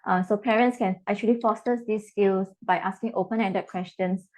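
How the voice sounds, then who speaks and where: A woman's voice: mid-range voice, steady tone, moderate pace, a little mellow. A woman educator giving parenting advice on a webinar over a video call, explaining steadily with frequent ums. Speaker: educator and guest speaker.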